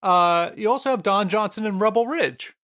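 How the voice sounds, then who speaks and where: A man co-hosting a casual film podcast, often pausing on filler words and restarting his sentences. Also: high-pitched, fairly bright tone, no echo, clean studio sound. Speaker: podcast co-host.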